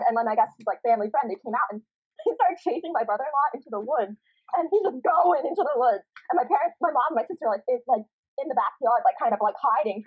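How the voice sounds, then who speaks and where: A high, lively woman tells a story, her voice bouncing up and down as she giggles and swears her way through it. She sounds breathy and husky. The audio comes through a thin, tinny video-call line. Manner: giggly, animated, swears freely. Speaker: guest storyteller. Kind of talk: casual anecdote telling.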